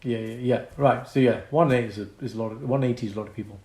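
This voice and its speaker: A young British man co-hosting a casual podcast, a doctor who talks with lively energy, laughs often and acts out quotes. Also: mid-range voice, fast. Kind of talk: casual chat. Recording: echoey room.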